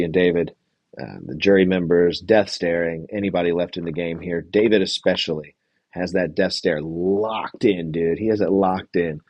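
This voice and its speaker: A young man with a fairly low voice hosts a loose, casual recap, rambling through his thoughts with plenty of fillers and swearing. He reads comments from a live chat as he goes. The sound is dry, with little room around it. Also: darkish tone, no echo, highs cut off. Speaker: podcast host reviewing a reality show.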